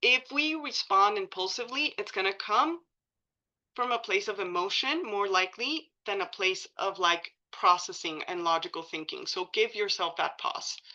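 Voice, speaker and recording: Woman presenter, bright voice, casual filler-heavy delivery, slightly dull recording. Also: medium pitch, normal speed. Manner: casual, many likes and ums, self-correcting. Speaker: presenter at a coalition meeting. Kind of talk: informal training presentation.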